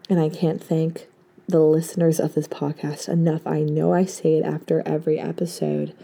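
A hoarse young woman in her late teens, a podcast host giving an earnest, effusive farewell full of thanks. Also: sits low, mellow. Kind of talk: casual heartfelt farewell talk.

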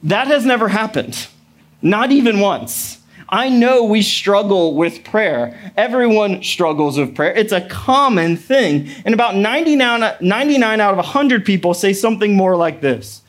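Pastor guy with a fairly high voice, chatty sermon, tells stories and cracks little jokes. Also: expressive, moderate pace. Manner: conversational storytelling with playful asides.

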